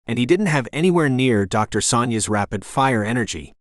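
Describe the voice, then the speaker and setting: A man narrating a romance audiobook in the first person, in an even storytelling manner. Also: medium pitch, brisk, no room sound, studio quality.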